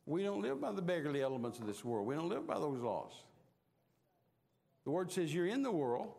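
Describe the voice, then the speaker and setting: A man's voice: on the high side, creaky, darkish tone. An older man preaching a storytelling sermon in a folksy way, often stumbling over and repeating his words. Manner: folksy, stammers and repeats words, chuckles while telling. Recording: long reverb of a large hall.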